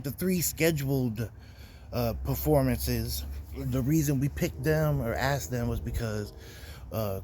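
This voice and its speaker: A young man recapping his weekend in a loose, profane rant. His voice sits at an average pitch and he talks in a heated, conversational way. A faint background noise runs under the recording. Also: mellow. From Florida. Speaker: podcast host. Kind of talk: casual storytelling rant.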